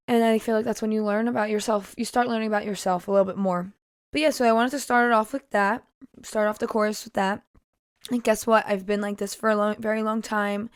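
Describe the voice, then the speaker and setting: A woman singer-songwriter talks casually on a podcast about her own song, rambling through tangents with frequent laughs and fillers. Her mid-range voice is smooth, recorded clean in a studio with no room sound.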